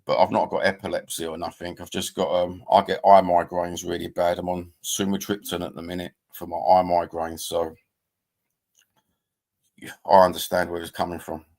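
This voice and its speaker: A livestream host in his 50s speaks with a deep, creaky, darkish voice that barely moves in pitch, at a moderate pace. Chatting casually, he reads viewer comments, rambles bluntly, swears freely and calls people mate and bruv.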